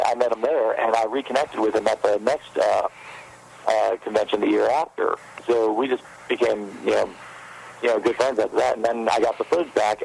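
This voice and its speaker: A gravelly, lowish-voiced man, a guest who makes fan films, tells stories in an animated, rambling way during a casual interview. The recording is rough, with a slight hiss or hum.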